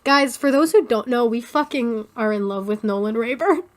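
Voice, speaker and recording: Young woman, high voice, podcast co-host, blunt, swearing, animated banter. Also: normal speed. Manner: blunt, profane, animated joking. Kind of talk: casual chat.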